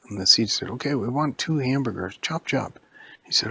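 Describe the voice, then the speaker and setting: A man telling a made-up spooky story to a child, switching into high squeaky voices for characters and dropping to a whisper at scary moments. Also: very animated, normal speed, creaky, a bit bright, slightly rough, no echo. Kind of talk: improvised bedtime-style story for a child.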